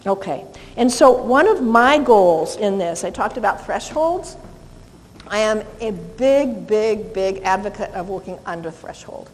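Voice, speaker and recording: A woman's voice: mid-range voice, expressive, unhurried, big-room sound, low-quality recording. A woman dog trainer teaching a live seminar, cheerful as she demonstrates with a dog and coos to it sweetly.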